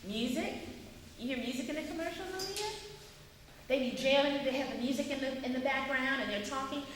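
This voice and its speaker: Woman running an acting class, high voice, keeps asking the room questions, echoey hall, far from mic. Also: a little fast, noisy background. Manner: animated, quizzing the class with questions. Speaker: acting workshop instructor. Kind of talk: classroom teaching.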